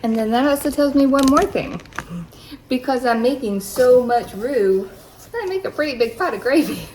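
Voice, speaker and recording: A woman's voice: sits high, lively intonation, normal speed, a little mellow, slight background noise, low-quality recording. A middle-aged woman chatting through a cooking demonstration in her home kitchen, explaining each step as she goes. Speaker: home cook demonstrating a recipe. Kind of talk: casual cooking tutorial.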